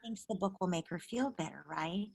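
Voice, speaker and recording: A middle-aged woman with a gravelly, husky, lowish voice talks at normal speed while hosting a parenting call-in over video. She gives callers empathetic, direct advice in a warm coaching manner.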